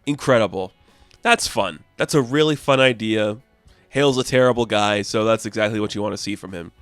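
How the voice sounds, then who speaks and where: A man talking through a comic book review in an enthusiastic, chatty way, with quick plot recaps. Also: on the low side, no room sound, faint music behind.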